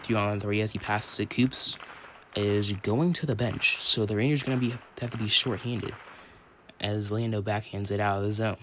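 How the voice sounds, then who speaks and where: A young man doing casual play-by-play commentary for an online hockey league on his phone, rambling and correcting himself, then shouting when someone scores. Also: on the low side, normal speed, noisy background. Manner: rambling, self-correcting, bursts into excited shouts on goals.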